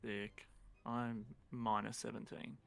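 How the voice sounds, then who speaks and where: Grumbling man with a gravelly voice. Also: lowish voice, flat delivery, takes it slowly. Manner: grumbling, sardonic. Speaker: player. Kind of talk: casual tabletop game chat.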